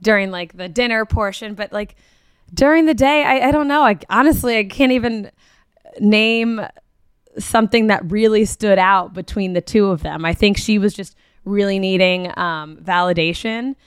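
A woman with a smooth, clear voice at mid pitch chats casually as a podcast co-host. She is thoughtful and uses many fillers. The sound is dry and close. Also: moderate pace, no echo. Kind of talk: casual recap chat.

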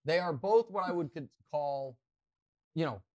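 A man hosting a podcast, telling a rambling, self-mocking story with lots of excitement. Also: on the high side, measured pace. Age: adult, past college. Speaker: podcast host. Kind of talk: animated storytelling.

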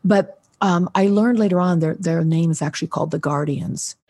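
Woman in her 60s, a guest telling her own story, slightly low voice, animated, plays the other voices. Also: normal speed. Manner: animated, acts out quoted voices, restarts often. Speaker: podcast guest, psychic. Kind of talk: casual storytelling interview.

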